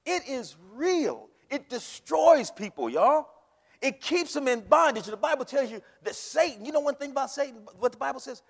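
A man's voice: very high-pitched, animated, brisk, creaky. A man preaching a fiery sermon in a church, leading the congregation in call and response. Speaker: pastor. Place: church sanctuary. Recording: long hall reverb.

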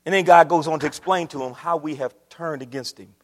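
A man preaching a sermon to his church, swinging from quiet, low passages up to loud, shouted ones. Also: a little fast. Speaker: pastor. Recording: long hall reverb.

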